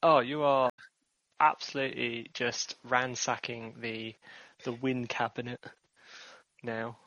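Bright teasing man on a dull dry mic. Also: medium pitch, flat delivery, slow, dry recording. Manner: upbeat, teasing, laughs often. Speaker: podcast co-host. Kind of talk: casual chat. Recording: dull dry close recording.

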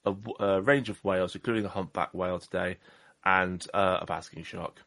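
Low-voiced joking podcast host. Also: male voice, steady tone, brisk, a bit bright, dry recording. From Southwest England. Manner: joking, self-mocking, rambling with restarts. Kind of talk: casual podcast chat.

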